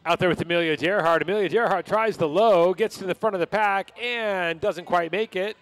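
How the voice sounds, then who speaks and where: An announcer calling roller derby action live in brisk play-by-play. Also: medium pitch, no room sound. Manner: brisk play-by-play of skater moves. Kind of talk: live sports commentary.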